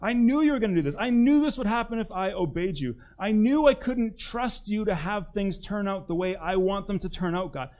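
A man's voice: medium pitch, very animated, slow pace, hardly any pauses, mellow. A man putting on the voice of an indignant male prophet complaining to God in an exasperated tone.

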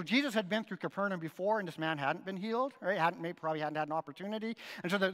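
A man delivers a sermon in an animated, conversational manner, his voice pitched high and swinging widely. His tone is bright and forward. The sound carries the long reverb of a big hall. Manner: animated, conversational preaching with frequent "right?" asides. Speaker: pastor.

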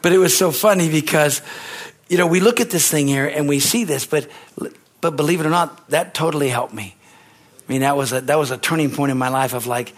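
A pastor preaching a sermon, telling stories with excitement that climbs to shouts, repeating phrases and calling for amens. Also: male voice, fairly high pitch, a little fast. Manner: repetitive, emphatic phrasing with call-and-response.

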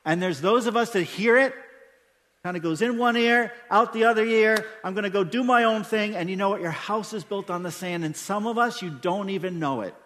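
A man's voice: high voice, fairly quick, a bit bright. A man preaching a sermon to his congregation during a service, emphatic and full of rhetorical questions. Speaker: pastor. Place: church sanctuary during a service. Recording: long church-hall reverb.

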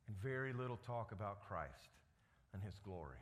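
A man preaching a sermon as pastor, animated and full of rhetorical questions. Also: sits low, brisk.

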